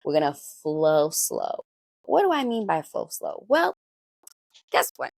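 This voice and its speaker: Husky low-voiced woman coaching new parents. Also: unhurried, no echo. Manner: coaching, checks in with listeners often; expressive swings in pitch and pace. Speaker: doula. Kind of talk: parenting advice talk.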